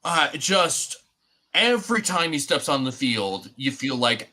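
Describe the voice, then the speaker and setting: A young man co-hosting a sports podcast, talking in a loose, rambling way with plenty of fillers. His voice is bright and forward. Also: a little high, big pitch swings, measured pace. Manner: rambling, many fillers and restarts. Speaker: podcast co-host. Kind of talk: casual sports chat.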